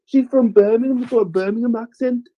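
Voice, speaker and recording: A man's voice: extremely high pitch, fairly quick, no echo, muffled recording. A man hosting a casual live stream, reading the chat aloud and often repeating his own lines. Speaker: livestream host.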